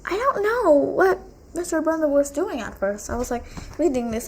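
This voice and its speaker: A woman's voice: sits high, sing-song, moderate pace, a little hiss or hum. A woman vlogger casually retelling a novel at home, chatty and rambling, with many asides. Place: room at home with a blue wall.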